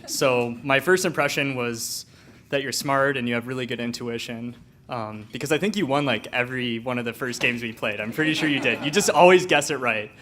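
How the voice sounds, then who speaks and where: A man's voice: medium pitch, fairly quick, fairly bright tone. A man giving a conversational wedding toast as a friend of the couple, chuckling and using frequent fillers. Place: wedding reception.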